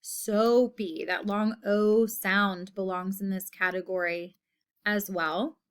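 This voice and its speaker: A woman's voice: mid-range voice, fairly even intonation, slow pace, smooth. A woman teaching a phonics lesson to children, patiently repeating each word and giving example sentences.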